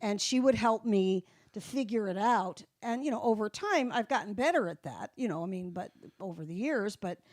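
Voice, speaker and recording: A woman's voice: medium pitch, animated, normal speed, hardly any pauses, a little mellow, no room sound. Candid woman in her seventies, dry sound. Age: 70s. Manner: candid, storytelling, folksy sayings. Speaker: guest, folk singer in long recovery. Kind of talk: casual interview chat.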